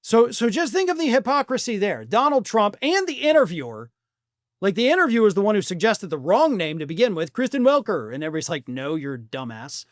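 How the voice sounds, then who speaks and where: A man's voice: sits high, sing-song, quick pace, no echo, studio quality. A middle-aged man hosting a political commentary show, talking bluntly and sarcastically, with the odd swear word. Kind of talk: opinion commentary monologue.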